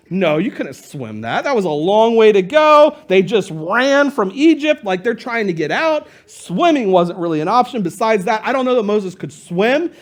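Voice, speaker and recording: A man's voice: sits high, very animated, unhurried, hardly any pauses. A male pastor preaching a sermon to his church in a casual, conversational way, retelling stories with playful asides.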